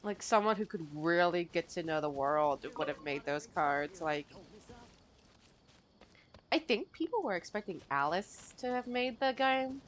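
A woman's voice: lowish voice, animated, unhurried. A woman commenting casually over her gameplay, gushing and rambling with many fillers. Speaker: game streamer.

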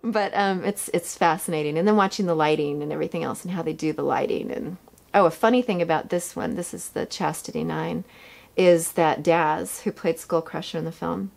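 A middle-aged actress telling lively behind-the-scenes stories in a casual interview, laughing often and acting out what people said. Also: female voice, low voice, brisk, vocal fry. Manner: animated, laughs often, acts out quotes.

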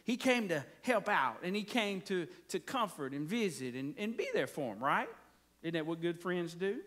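A man's voice: high-pitched, expressive, normal speed, a bit bright. A man preaching a folksy, conversational sermon, often checking in with his congregation. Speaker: pastor.

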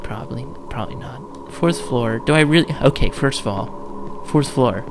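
A man's voice: medium pitch, expressive, normal speed, background noise. A young man commentating a horror game, jumpy, joking and swearing as he plays. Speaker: let's play gamer.

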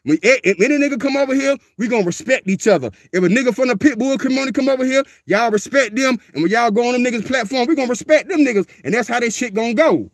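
A man, speaking very high for a man, rants on a livestream. He is blunt and profane, hammering the same lines over and over. The sound is dry and close, with no room echo. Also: fast talker, hardly any pauses. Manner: profane, confrontational, repeats himself. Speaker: dog breeder and livestreamer. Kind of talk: livestream rant.

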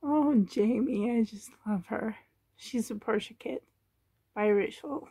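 Woman vlogger, high-ish voice, unhurried, soft and doting with whispered asides, dry close sound. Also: husky, no echo. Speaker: doll collector vlogger. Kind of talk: casual show-and-tell chat. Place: home bedroom. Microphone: handheld camera.

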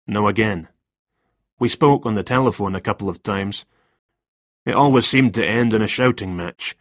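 A man's voice: on the low side, normal speed, no room sound, studio quality, close to an everyday voice. A man voicing a nervous male freelance writer in a story reading, talking in a hesitant, defensive way.

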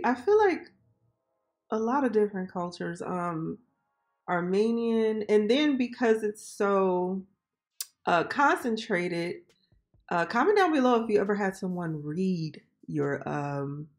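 A woman's voice: medium pitch, very animated, measured pace. A woman hosting a reaction video, chatty and exclaiming as she comments.

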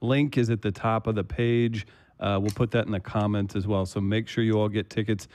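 A man on a livestream giving relaxed, friendly announcements and chatting with the hosts. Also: lowish voice, a little fast, no echo. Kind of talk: casual announcements.

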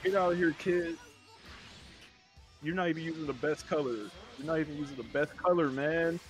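A man playing a fighting game live, excitable and laughing, with yelps as he plays. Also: a little high, moderate pace, faint music behind. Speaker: player. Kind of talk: live gameplay banter.

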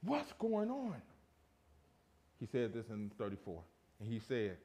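A man preaching a sermon in a church, emphatic and full of rhetorical questions, dropping from loud to hushed. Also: on the low side, very animated, moderate pace. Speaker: pastor. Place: church sanctuary.

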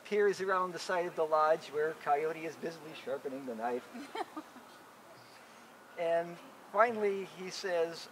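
A man's voice: on the high side, measured pace, long pauses, fairly bright tone, slight background noise, rough recording. A man telling a folk tale to a live audience, playful and chuckling, often repeating his words. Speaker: storyteller. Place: live event recording.

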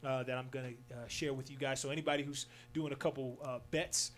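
A man's voice: mid-range voice, fairly even intonation, quick pace, a bit bright, faint music behind. A man hosting a casual radio sports show, upbeat and loose, with lots of fillers. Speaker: sports talk show host.

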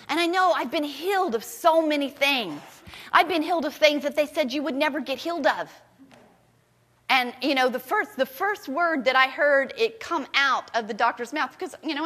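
A woman pastor preaching a sermon with fervent, loud declarations that drop into hushed storytelling. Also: high voice. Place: church sanctuary. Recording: long church-hall reverb.

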